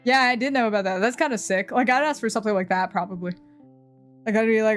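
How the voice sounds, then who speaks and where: A young woman with a slightly high voice talks off the cuff on her stream. She rambles from thought to thought, swears casually and keeps laughing at her own ideas. Quiet music plays faintly behind her. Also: a little fast.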